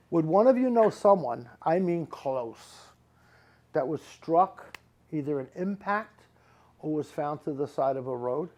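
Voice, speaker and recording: A man's voice: a little high, animated, a little slow, a little mellow, muffled recording. Rambling, emphatic New man. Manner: rambling, emphatic, repeats words for stress. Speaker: psychic medium giving readings. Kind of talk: live audience reading.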